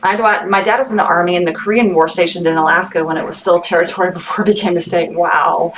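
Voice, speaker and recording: A woman's voice: lowish voice, steady tone, quick pace, background noise. A woman from Texas running a live-stream sale for her candy shop, upbeat and chatty, thanking viewers by name as she talks. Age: adult, military veteran. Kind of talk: live-stream sales chat.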